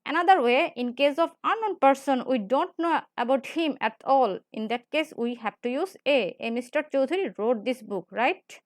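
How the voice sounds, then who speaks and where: High-pitched female grammar teacher, repetitive lecture delivery, dry recording. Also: lively intonation, dry recording. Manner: repetitive, explains slowly with frequent "right?". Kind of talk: classroom lecture.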